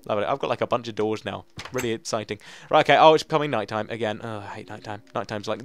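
A man's voice: on the low side, slight background noise. A man giving casual gaming commentary, chatting to himself and joking with mock drama. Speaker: Let's Play gamer.

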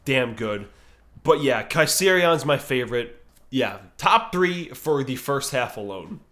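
Slow-talking, profane male music reviewer. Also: mid-range voice, animated, a bit bright. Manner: profane, enthusiastic, rambling with many fillers. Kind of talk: casual spoken album ranking.

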